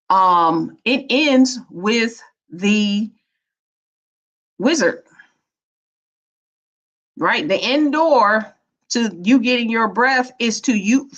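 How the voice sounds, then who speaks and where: Slow-talking woman spiritual teacher, lo-fi. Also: a little high, fairly bright tone. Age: 50s. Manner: preachy, playful, colloquial, laughs often. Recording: dull lo-fi recording.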